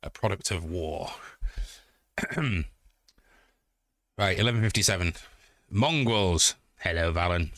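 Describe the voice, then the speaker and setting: A man's voice: sits low, takes it slowly, long pauses, fairly bright tone, no echo, studio quality. A man with a Yorkshire accent, chatting casually on a live stream, joking and swearing as he reads out chat messages. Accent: Yorkshire (Hull). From Yorkshire, England.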